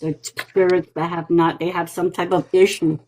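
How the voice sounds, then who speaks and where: A woman, a psychic medium guest, chatting casually and telling lively stories in which she acts out other people's voices. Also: on the low side, normal speed, poor audio. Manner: lively storyteller who acts out quoted voices. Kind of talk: casual livestream chat.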